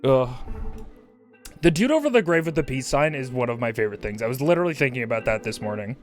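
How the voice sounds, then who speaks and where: Lively-voiced laid-back male streamer. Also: mid-range voice, fast, faint music behind. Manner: rambling, laid-back, swears casually, reads chat aloud. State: high. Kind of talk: casual livestream chat.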